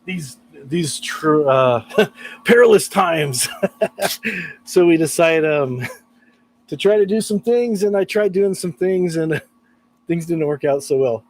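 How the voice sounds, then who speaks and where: A man's voice: on the high side, expressive, slow, pauses often, rough recording. A man chatting casually on a live stream about guitar repair, laughing often and reading out chat messages.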